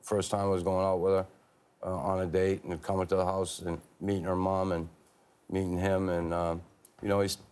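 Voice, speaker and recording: A man, a former hockey player telling candid stories in a TV studio interview, halting with many fillers and restarts. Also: low-pitched, level tone, darkish tone, clear, resonant tone.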